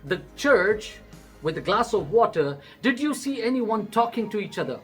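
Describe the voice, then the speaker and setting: A man voicing a calm, patient pastor with an Indian accent. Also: high voice, normal speed, faint music behind. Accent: Indian English.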